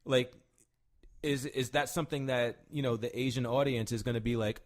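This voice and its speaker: A man's voice: mid-range voice, fairly even intonation, normal speed. A man co-hosting a casual podcast, talking animatedly and swearing, with lots of "right?" tag questions. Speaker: podcast co-host. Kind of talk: casual chat.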